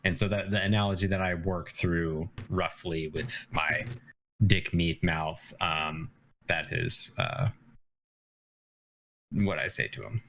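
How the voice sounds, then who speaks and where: A tabletop game player explaining his story in a halting way, full of pauses and fillers. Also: low-pitched, gravelly, fairly bright tone, a little hiss or hum. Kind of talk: casual chat at a game table.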